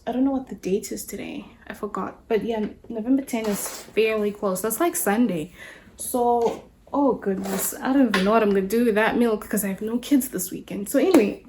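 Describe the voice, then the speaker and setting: A woman's voice: a little high, noisy background. A woman, a mother, chatting casually at home as she shows a grocery haul, rambling with many fillers and restarts. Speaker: mother and lifestyle vlogger.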